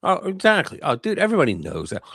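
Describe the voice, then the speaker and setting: An American man in a loose livestream chat, his voice leaping up and down in pitch as he talks. He is emphatic and coarse, and the sound is close and dry with no room around it. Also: quick pace, creaky, slightly rough, no room sound. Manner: animated and emphatic, coarse language. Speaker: guest co-host. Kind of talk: casual political chat on a livestream.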